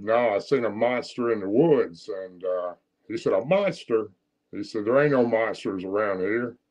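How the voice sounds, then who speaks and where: Folksy Southern man, lo-fi sound. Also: fairly low pitch. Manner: plain-spoken, rambling, folksy country phrasing. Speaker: guest storyteller. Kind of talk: telling a personal encounter story.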